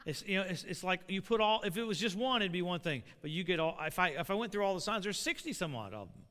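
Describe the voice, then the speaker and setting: High bright-voiced preacher in an echoing hall. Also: male voice, quick pace. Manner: animated, building to shouts. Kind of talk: sermon. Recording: long reverb of a hall.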